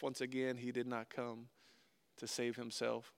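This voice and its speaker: A man preaching a sermon and reading scripture aloud, earnestly swinging between loud stresses and hushed, slowed phrases. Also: mid-range voice, monotone, vocal fry, clean tone. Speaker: pastor.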